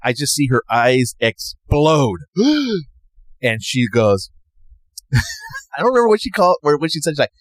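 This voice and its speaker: A man's voice: medium pitch, normal speed, no room sound. A man casually telling a personal story, rambling and acting out what others said. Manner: rambling, animated, acts out others' lines. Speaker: podcast host.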